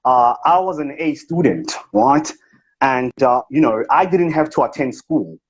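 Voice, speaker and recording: A man's voice: a little high, very animated, measured pace, vocal fry, slightly rough, exaggerated voice. A man playing a boastful male motivational speaker with a put-on posh accent, bragging grandly in a comic impression. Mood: smug. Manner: grandiose, self-important bragging. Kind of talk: comic impression in a live chat. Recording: dull lo-fi livestream audio.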